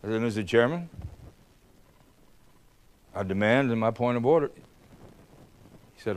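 An older man giving a public speech, telling a story in a blunt, combative way, swinging between loud bursts and low remarks. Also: lively intonation, measured pace, pauses often. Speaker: speaker. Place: hall.

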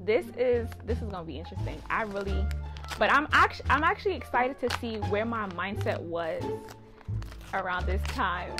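A woman's voice: mid-range voice, animated, normal speed, music in the background. A woman talking casually to camera in a vlog, chatty and emotional, often calling her viewers "you guys". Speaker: vlogger.

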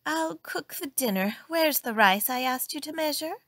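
A woman's voice: high-pitched, lively intonation, moderate pace, a bit bright, no room sound, studio quality, pitched above the performer's own voice. A woman voicing a flustered, fussy lady of the house in a storybook, exclaiming in alarm. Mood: questioning.

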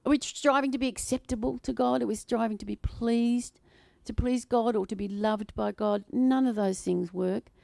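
A woman preaching a sermon to a congregation in an animated, playful way, often laughing and acting out voices. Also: a little high, normal speed, creaky, no echo. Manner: acts out quoted voices.

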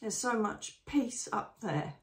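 A woman, a psychic medium narrating her visions live in a hushed, emotional, often slow and breathy way. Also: on the high side, animated, reverberant. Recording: voice distant from the mic.

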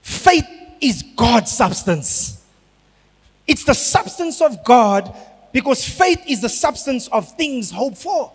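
A man from South Africa, a pastor preaching a sermon, building up to shouted emphasis. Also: extremely high pitch, big pitch swings, slow, husky. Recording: long hall reverb.

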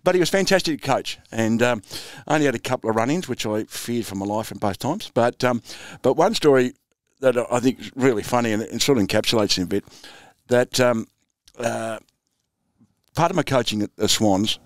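A man's voice: mid-range voice, brisk, no room sound, studio quality. An Australian man in his sixties, a former footballer and coach, telling anecdotes in a laid-back, chuckling interview style. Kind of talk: storytelling interview.

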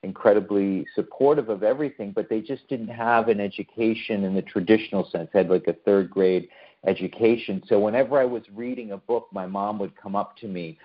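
Casting: deeper-voiced male lecturer, chatty and questioning, speaking over a slightly muffled lo-fi mic. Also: a little fast. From United States. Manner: conversational, poses questions to the listeners. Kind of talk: online talk to a remote audience.

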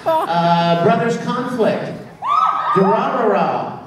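A man speaking on a convention panel, telling lively stories to fans and laughing often. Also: high-pitched, slow pace. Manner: animated storyteller, laughing often. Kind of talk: live convention panel talk. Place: large convention hall. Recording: far-off echoey hall recording, faint crowd noise.

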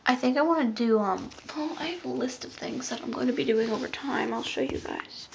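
Woman, casual rambling vlog, somewhat high voice, vocal fry, muttering asides, dull lo-fi phone audio. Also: brisk, background noise. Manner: rambling, trails off into soft mutters. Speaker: makeup vlogger. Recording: lo-fi phone recording.

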